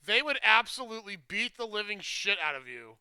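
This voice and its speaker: Guy reacting to a video, really high voice, baffled, loud crowd from the clip behind. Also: sing-song, brisk. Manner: confused, incredulous questions. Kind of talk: live reaction commentary.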